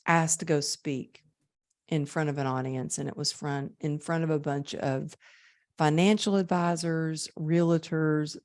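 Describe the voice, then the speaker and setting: A woman guest on a podcast, telling personal stories in a lively conversational way. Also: low-pitched, a little slow, no echo, studio quality. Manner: lively, acts out quoted voices. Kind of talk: conversational storytelling.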